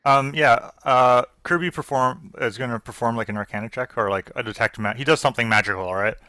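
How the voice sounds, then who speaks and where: A man's voice: medium pitch, brisk, pushed and bright, no room sound. A man narrating as game master in a casual, hesitant way. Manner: casual, hesitant with many fillers.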